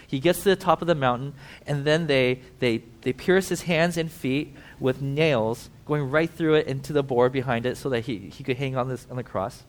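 A man preaching a sermon who tells the story vividly, swings between emphatic and hushed, and talks directly to his listeners. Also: medium pitch, normal speed, few pauses. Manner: conversational asides to listeners.

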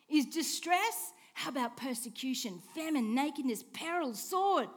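A woman preaching a sermon, asking rhetorical questions and swinging between hushed and emphatic lines. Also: high-pitched. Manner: expressive, swings from soft hush to emphatic declaring; slow, deliberate delivery with rhetorical questions.

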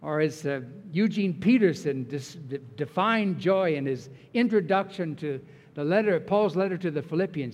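A man's voice: on the high side, lively intonation, normal speed, darkish tone. A man preaching a sermon as pastor, earnest and emphatic as he walks through scripture. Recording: long reverb of a large hall.

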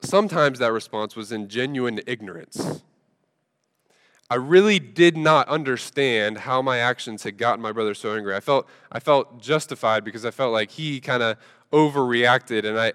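A man preaching a sermon, telling a funny story in a relaxed, conversational way with lots of fillers. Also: medium pitch. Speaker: pastor. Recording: long reverb from a large hall.

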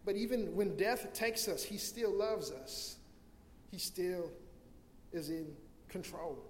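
A high-voiced man preaches an impassioned sermon, circling back over his words and restarting phrases. His voice rings through an echoey hall with a long reverb tail and faint room ambience. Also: expressive, slow, a little hiss or hum. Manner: impassioned preaching, acts out scenes in loud cries. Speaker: pastor.

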